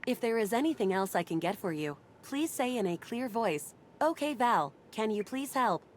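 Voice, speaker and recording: A woman voicing a calm, polite female home-assistant AI that repeats its prompts in a video game. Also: fairly high pitch, normal speed, slight background noise.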